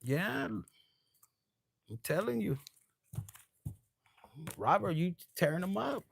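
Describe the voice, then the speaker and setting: A man's voice: sits high, big pitch swings, takes it slowly, creaky, breathy edge. A man giving a casual live tarot reading, tipsy, loose and profane, dropping Spanish phrases. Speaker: tarot reader.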